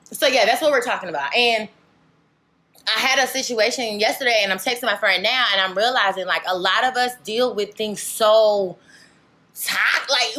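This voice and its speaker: A woman's voice: on the high side, sharp tone. A young woman vlogger chatting candidly to camera, rambling and filling with "like" and "legit". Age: young adult. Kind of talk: casual chat to camera.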